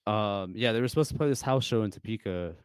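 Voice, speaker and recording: Low, smooth-voiced young man rambling. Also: fast, no room sound. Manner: rambling, heavy on fillers and restarts, laughs through stories. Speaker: guest musician. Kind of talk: casual podcast storytelling.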